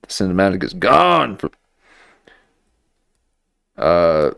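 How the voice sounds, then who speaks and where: A man's voice: low voice, big pitch swings, takes it slowly, gravelly, a bit bright, no echo, studio quality. A man commenting over clips on a livestream, with mocking, incredulous asides.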